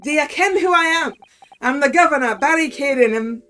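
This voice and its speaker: A woman voicing a gruff, hostile male prison governor in a put-on Scottish accent, blustering and threatening. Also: high-pitched, lively intonation, normal speed, fairly bright tone. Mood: gruff, suspicious.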